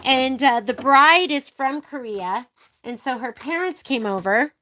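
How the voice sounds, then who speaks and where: A woman's voice: sits high, a little slow, bright, forceful tone. A middle-aged woman hosting a sewing tutorial vlog, chatting away with rambling, gushing stories full of fillers. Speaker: sewing shop video host. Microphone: camera on a filming arm.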